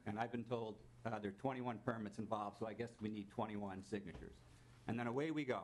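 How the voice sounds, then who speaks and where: A man's voice: on the low side, a little fast. Older man, retired finance exec, testifying before lawmakers, formal and pointed, faint noise behind. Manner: formal, pointed, with dry mock-salesman asides. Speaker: witness testifying at a legislative hearing. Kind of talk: prepared testimony read aloud. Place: legislative committee hearing room.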